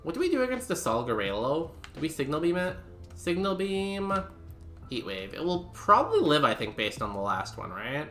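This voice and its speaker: Rambling young man streaming a game, bright voice. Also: on the high side, huge pitch swings, fairly quick, hardly any pauses, roomy sound, soft background music. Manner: rambling, filler-heavy chat with viewers. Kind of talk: casual live-stream commentary.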